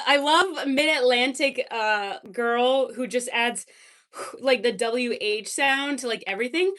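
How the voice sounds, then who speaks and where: A woman's voice: sits high, takes it slowly, a bit bright. A woman livestreamer in casual chat, reacting to chat messages with lots of fillers.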